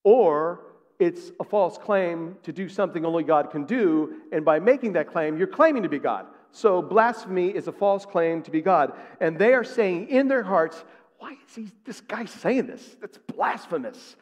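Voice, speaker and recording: A male pastor delivers a sermon with emphatic, searching questions aimed at the congregation. His voice sits a bit higher than most men's and rings through a large sanctuary with a long reverb tail. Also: expressive, moderate pace. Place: church sanctuary.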